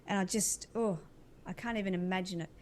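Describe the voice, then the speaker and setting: A woman's voice: mid-range voice, a little fast, darkish tone, slight background noise. A woman acting as an animal communicator, describing intuitive visions in an earnest, dreamy, winding way.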